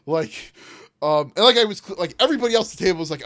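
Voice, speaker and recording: A man tabletop player in casual chat, telling stories in a rambling, animated way and swearing casually. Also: high voice, racing. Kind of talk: casual podcast chat about a tabletop campaign.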